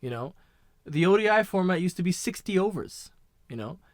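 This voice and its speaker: A man co-hosting a casual sports podcast, talking in a measured way full of you know and right. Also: sits high, lively intonation, dry recording, clean studio sound. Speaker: podcast co-host.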